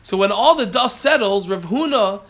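A man's voice: sits high, animated, moderate pace, a bit bright. A man teaching a Talmud class, reading Aramaic phrases and then explaining them plainly, often catching and correcting himself.

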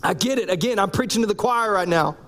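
A man, preaching a sermon in a conversational, joking way, with pauses between phrases. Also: sits high, expressive, a bit bright. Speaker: pastor.

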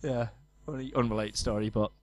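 A man, co-hosting a podcast and telling stories in a lively, laughing way. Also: medium pitch, a little fast. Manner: animated storyteller, laughs often. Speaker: podcast co-host. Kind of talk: casual chat.

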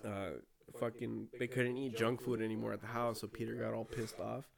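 A man talks casually with friends, rambling and swearing freely. His voice has a gravelly edge at a middle pitch. Crowd noise hums behind him. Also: little pitch movement, fairly quick. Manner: profane, rambling, laughing often. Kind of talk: casual chat.

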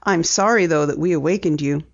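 A woman with a low, fairly quick voice reads an audiobook, playing an eager teenage girl detective who keeps pressing with questions. The recording is dull and lo-fi.

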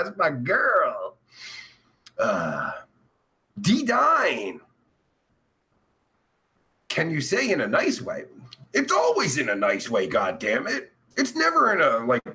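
A man hosting a crude livestream chat show, yelling, swearing and cackling as he reads comments. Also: a little high. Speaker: host.

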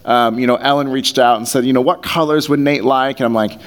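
A man's voice: medium pitch, steady tone, a little fast. A man preaching a sermon as pastor, conversational and earnest, repeating phrases for emphasis, on a mic taped to his face. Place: church hall. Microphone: headset mic taped to face.

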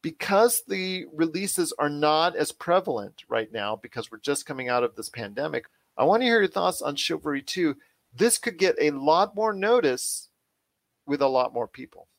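Brief: eager male podcast host, slightly high voice, dry close recording, loops back on his phrases. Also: animated, moderate pace, dry recording. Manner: enthusiastic, repetitive phrasing, addresses guest as my friend. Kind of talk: casual podcast chat.

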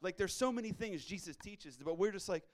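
A middle-aged man preaching a sermon to a congregation in a church, in a casual, slangy and energetic way. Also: sits high, a little fast. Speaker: pastor.

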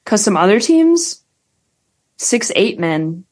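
A woman's voice: mid-range voice, big pitch swings, takes it slowly, darkish tone. Rambling, jokey woman podcast host. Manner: rambling, filler-heavy, jokey. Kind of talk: casual comedic chat.

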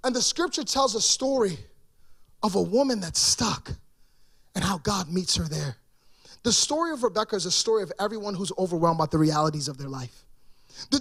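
A male pastor delivering a sermon in an unusually high voice. He is emphatic and keeps turning to the congregation with rhetorical questions. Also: a bit bright.

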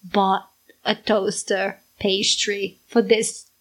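A woman's voice: mid-range voice, little pitch movement, takes it slowly. A Brazilian woman, a mother co-hosting a podcast, chatting casually and teasing her daughter. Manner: teasing, playful. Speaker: podcast co-host. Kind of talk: casual chat.

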